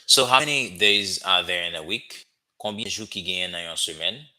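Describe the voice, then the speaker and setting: A man teaching a language lesson, drilling phrases slowly with many "okay?" check-ins. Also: deep voice, bright, forceful tone. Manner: slow, repetitive drilling with frequent "okay?" checks. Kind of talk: classroom-style language lesson.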